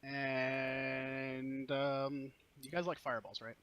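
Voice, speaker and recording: A man's voice: mid-range voice, monotone, slow pace, smooth, lo-fi sound. A man running a tabletop game as game master, narrating the scene in a playful, teasing way.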